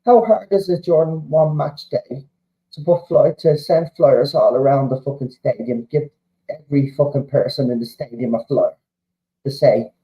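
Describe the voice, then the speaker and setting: A man's voice: mid-range voice, steady tone, normal speed. A man, a football fan vlogger, ranting angrily and heatedly, swearing a lot and tagging his points with "right?". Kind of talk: angry match reaction rant. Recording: roomy, dull lo-fi sound.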